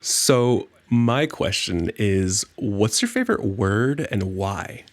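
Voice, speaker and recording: A man's voice: fairly low pitch, lively intonation, slow pace. A man co-hosting a podcast, easygoing in casual chat. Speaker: podcast co-host.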